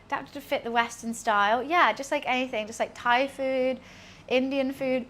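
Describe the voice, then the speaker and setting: A woman's voice: high-pitched, fairly even intonation, normal speed, a bit bright, a little hiss or hum. A young woman chatting casually while she cooks at home, rambling and laughing at herself. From Britain. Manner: chatty and self-deprecating, rambling with fillers. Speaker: cooking streamer. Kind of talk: casual chat while cooking. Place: home kitchen.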